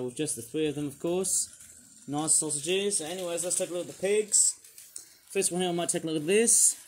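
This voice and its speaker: A man reviewing toys in a casual, rambling and excitable way, his voice slightly croaky from a sore throat. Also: fairly high pitch, a little hiss or hum. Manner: rambling, excitable, full of asides and fillers. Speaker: toy reviewer.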